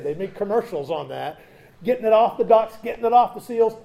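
A man preaching a sermon, moving between loud emphatic points and quiet conversational asides with humorous stories. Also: high-pitched. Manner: conversational, tells humorous anecdotes. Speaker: pastor.

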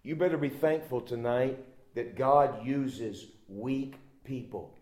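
A man's voice: medium pitch, slow. Emphatic male preacher in an echoey room. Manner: emphatic preaching, swinging from loud exhortation to hushed asides. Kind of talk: sermon.

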